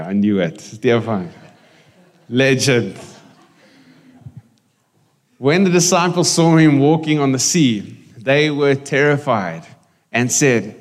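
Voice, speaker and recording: Pastor preaching in a reverberant hall. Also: male voice, mid-range voice, a little slow, pauses often. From South Africa. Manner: conversational, jokes with the congregation and slips into Afrikaans. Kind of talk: sermon. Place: church hall. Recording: long reverb of a church hall.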